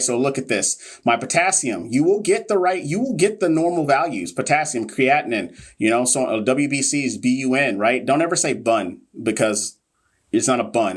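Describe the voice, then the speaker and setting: Man, playful, casual livestream teaching, talks straight to viewers, mid-pitched voice. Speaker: host of a live nursing exam review.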